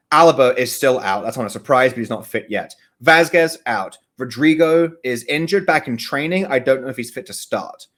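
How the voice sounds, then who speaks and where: A man co-hosting a relaxed podcast, his voice sitting at an average pitch. He rambles, doubles back on his words and breaks into laughs often. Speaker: podcast co-host. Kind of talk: casual chat about soccer betting.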